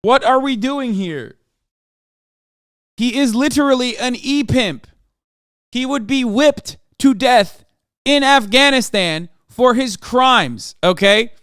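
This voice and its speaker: A man's voice: very high voice, takes it slowly, smooth, dry recording, studio quality. Profane ranting streamer man. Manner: profane, animated ranting, many fillers. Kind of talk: live stream reaction commentary.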